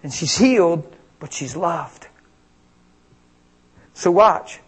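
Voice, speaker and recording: An American man from Pennsylvania preaching an informal sermon on healing, energetic and conversational, swinging between loud and quiet. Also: a little high, slow pace, pauses often, slightly rough, rough recording. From Pennsylvania, USA. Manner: conversational, energetic, big swings in loudness, plays out dialogue.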